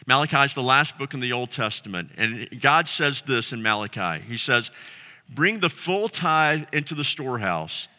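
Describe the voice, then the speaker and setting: A male pastor preaching with a very bright, forward tone and a lively, rising and falling pitch. He speaks earnestly and repeats key phrases for emphasis. His voice carries the long reverb of a church hall. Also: moderate pace. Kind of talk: sermon.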